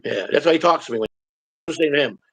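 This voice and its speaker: A male host rambles through a casual story on his stream, blunt and full of swearing. His fairly high voice is gravelly and husky, with a rough fry under the words. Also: fast.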